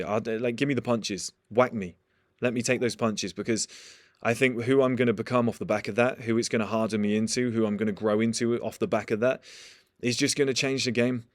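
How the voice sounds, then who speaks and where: A man's voice: mid-range voice, dry recording, studio quality. A young man giving a blunt, profane motivational talk in a casual monologue. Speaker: motivational speaker.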